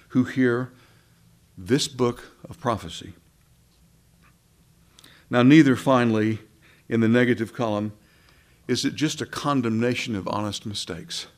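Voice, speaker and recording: A man preaching a sermon in a conversational way, with asides and rhetorical questions. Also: medium pitch.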